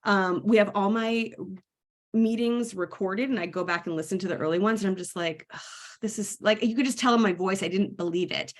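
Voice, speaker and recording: Woman, thirties, from New York, wellness coach, candid storytelling lesson, medium pitch. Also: fairly quick. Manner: candid and frank, speaks to viewers directly.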